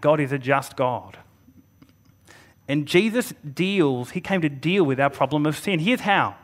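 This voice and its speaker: A man delivers a sermon in a fairly high voice. He speaks earnestly, leans on pauses for emphasis, and now and then restarts a phrase as he goes. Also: a bit bright. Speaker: preacher. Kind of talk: Good Friday sermon.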